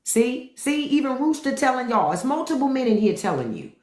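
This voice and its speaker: A woman's voice: high-pitched, sing-song, a little fast, background noise. A woman hosting a live stream, ranting bluntly and profanely and mocking the people in her chat. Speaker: podcast host on a live stream. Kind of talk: unfiltered live-stream rant. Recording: echoey room.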